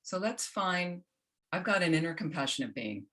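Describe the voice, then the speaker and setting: A woman teaching a self-compassion workshop, gentle and instructional, often checking in with the group. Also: on the low side, big pitch swings, moderate pace. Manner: gentle, keeps checking in with "okay?".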